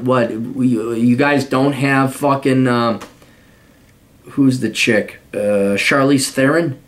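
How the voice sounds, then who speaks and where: Blunt male podcast host, swears freely, rambles and restarts, mid-pitched everyday voice. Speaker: podcast host giving advice. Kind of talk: casual advice monologue.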